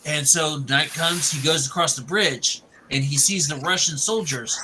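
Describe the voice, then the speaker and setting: Guy rambling through a movie plot, kinda high voice, really bright and sharp. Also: measured pace, a little hiss or hum, rough recording. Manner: rambling, with restarts. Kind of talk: casual retelling of a film.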